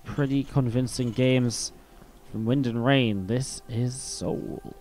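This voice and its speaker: Casual English esports caster. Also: male voice, medium pitch, fairly even intonation, takes it slowly, darkish tone, soft background music. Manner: chatty, casual asides between play calls. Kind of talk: live play-by-play game commentary.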